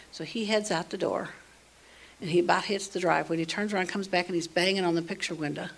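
A woman casually telling a personal story, animated, dropping to hushed asides and rising to loud emphasis. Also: on the low side, quick pace, vocal fry, husky. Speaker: storyteller sharing a personal testimony.

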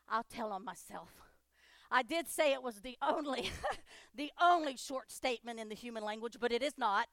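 A woman pastor preaching a sermon, driving home repeated declarations and swinging between loud proclamations and hushed asides. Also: high voice, no echo, clean studio sound.

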